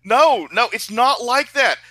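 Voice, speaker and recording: A man's voice: extremely high pitch, expressive, measured pace, pushed and bright, no echo. A man playing in a tabletop game, stammering and flustered as he speaks in character. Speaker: player. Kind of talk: tabletop role-play.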